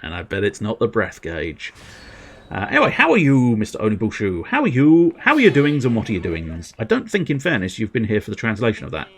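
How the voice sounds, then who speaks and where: A man's voice: lowish voice, huge pitch swings, a little fast. A man chatting casually while streaming a video game, rambling with giggly asides. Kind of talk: casual gameplay livestream chat.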